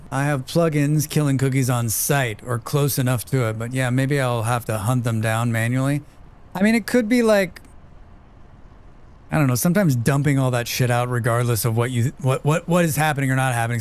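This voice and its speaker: While streaming a game, this man from the United States talks casually with his audience, reads their chat out loud, curses freely and laughs a lot. He speaks at a moderate pace with a smooth, medium-pitched voice.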